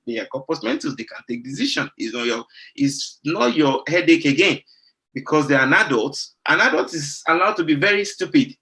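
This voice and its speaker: Man presenting to pharmacists, bright forceful tone, earnest, stumbles over repeated words, middle-aged. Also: fairly high pitch, lively intonation, brisk. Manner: earnest, repeats words while searching for the next phrase. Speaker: doctor giving a talk to pharmacists. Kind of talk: professional presentation.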